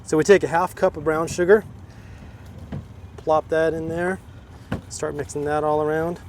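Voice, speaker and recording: Easygoing dad showing a tailgate recipe. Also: male voice, a little high, fairly even intonation, normal speed, darkish tone, slight background noise. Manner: easygoing, laid-back explaining. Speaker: tailgate cook guest, father. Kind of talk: casual recipe demonstration. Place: outdoors at a stadium parking lot tailgate.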